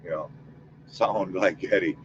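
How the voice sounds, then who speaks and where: A man's voice: low-pitched, fairly even intonation, measured pace, dull audio, a little hiss or hum. A man hosting a spirit-box session, chatting casually with his audience and leading a spoken protection prayer. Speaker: paranormal investigator host.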